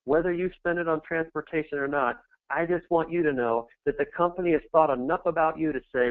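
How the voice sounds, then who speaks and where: A middle-aged man giving a motivational sales presentation, pep-talk style, swelling to shouted peaks of encouragement. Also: on the high side, fast talker, dry recording. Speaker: network marketing presenter. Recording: tinny phone-like dry sound.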